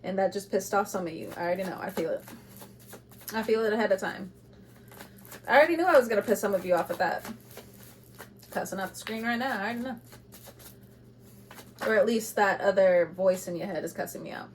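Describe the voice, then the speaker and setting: A woman giving an intuitive tarot reading to camera, speaking bluntly and with passion, moving between loud urging and quiet asides, with laughs between points. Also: medium pitch, a little fast, pauses often, a little hiss or hum. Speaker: tarot reader.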